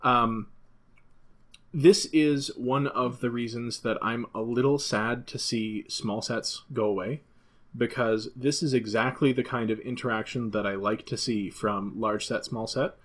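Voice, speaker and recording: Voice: medium pitch, steady tone, measured pace. A podcast co-host in casual chat who thinks aloud, with frequent fillers and restarts. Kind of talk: casual podcast chat about a card game.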